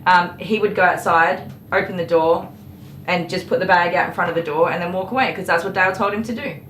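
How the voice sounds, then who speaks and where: A middle-aged woman with a lowish voice chats casually and sarcastically, laughing easily. Her voice bounces around an echoey grooming room. Faint clippers buzz underneath. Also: a little fast, slight background noise. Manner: chatty, dry and sarcastic, laughs often, scolds the dog gently. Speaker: dog groomer livestreaming. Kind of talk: casual chat while working. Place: grooming salon indoors. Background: electric clippers buzzing.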